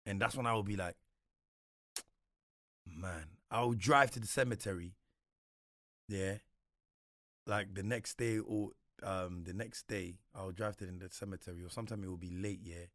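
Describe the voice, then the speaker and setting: A man's voice: low-pitched, steady tone, moderate pace, pauses often, a bit bright, dry recording, clean studio sound. A man, a guest in a casual interview, talking reflectively with slang and frequent repeats. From Congo.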